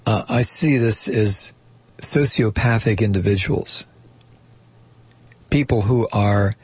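A man hosting a talk radio show, musing aloud in a halting way with many fillers and restarts. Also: fairly low pitch, husky, dry recording.

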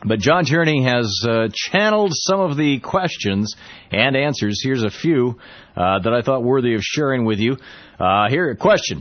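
A man hosting a political talk radio show, speaking in a halting, sarcastic monologue full of restarts. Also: fairly low pitch, animated, muffled recording.

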